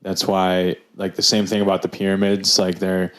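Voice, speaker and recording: Male podcast co-host, low-pitched, loose casual chat with many restarts. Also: monotone, normal speed, fairly bright tone. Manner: rambling, many fillers and restarts.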